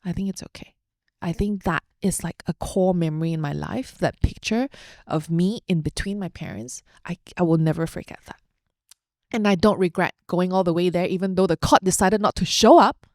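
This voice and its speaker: A woman's voice: on the low side, moderate pace, darkish tone, dry recording, studio quality. A young adult woman hosting a podcast, sharing a personal story in an open, heartfelt, chatty way with fillers. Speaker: podcast host.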